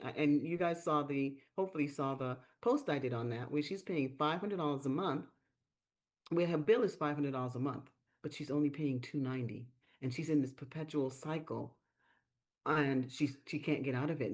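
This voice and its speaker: A woman hosting a live-stream business training, telling stories in a lively way and acting out the quotes. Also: sits low. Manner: lively storyteller, acts out quotes. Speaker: sales training host.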